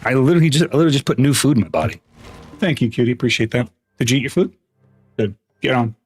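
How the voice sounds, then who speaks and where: An American man chats casually on a gaming livestream, rambling from one story to the next. He swears freely and trips over his words, restarting sentences as he goes. His voice keeps jumping up into a high, animated register. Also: rapid-fire, breathy edge, soft background music. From United States. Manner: animated, often jumps up in pitch. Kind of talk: casual live-stream chat while gaming.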